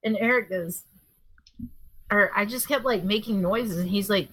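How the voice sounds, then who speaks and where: A woman chatting casually on a podcast, telling animated stories with lots of swearing and quoted voices. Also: mid-range voice, normal speed, dry recording. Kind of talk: casual chat.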